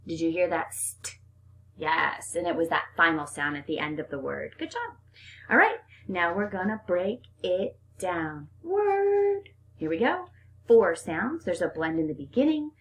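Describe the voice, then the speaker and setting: A woman's voice: fairly low pitch, big pitch swings, a little slow. A woman teacher leading a phonics lesson for young children, upbeat and sing-song, stretching out the sounds.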